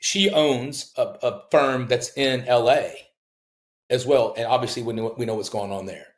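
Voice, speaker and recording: A middle-aged man, a home builder and podcast guest, telling stories in casual talk and acting out the people he quotes with big leaps in pitch. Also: moderate pace, roomy sound. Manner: animated storyteller who acts out quoted people with big jumps in pitch. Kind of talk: casual storytelling in a podcast interview.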